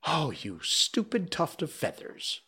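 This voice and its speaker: A man's voice: fairly high pitch, huge pitch swings, slow, bright, forceful tone, slightly rough, pitched above the performer's own voice, exaggerated voice. A man voicing a brave young male mongoose who speaks in urgent, clipped, impatient lines, read aloud as a storybook character.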